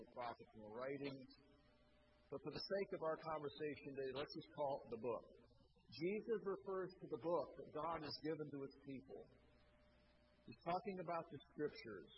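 A man preaching a sermon, emphatic and rising loud on key points. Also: mid-range voice. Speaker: pastor. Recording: dull lo-fi sound with clear background noise.

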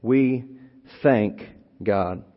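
A man preaching an expository sermon, teaching slowly and deliberately, lingering on single words and repeating phrases for emphasis. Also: fairly low pitch. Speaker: preacher teaching on a Bible letter. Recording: long hall reverb, dull lo-fi sound.

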